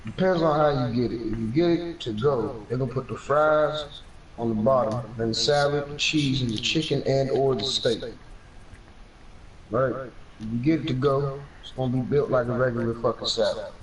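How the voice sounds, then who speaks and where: A man's voice: mid-range voice, normal speed, echoey room. A young man chatting with a friend in blunt, profane banter during a gaming session. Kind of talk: casual banter. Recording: distant mic with game crowd noise.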